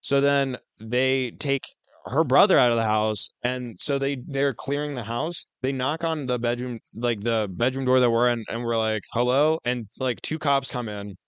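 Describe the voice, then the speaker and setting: Guy on a podcast telling a crazy story, lots of likes and swearing, smooth voice, dry sound. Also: medium pitch, steady tone, normal speed, no echo, dull audio. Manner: rambling, heavy on fillers and swearing. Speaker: podcast co-host. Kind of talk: casual storytelling chat.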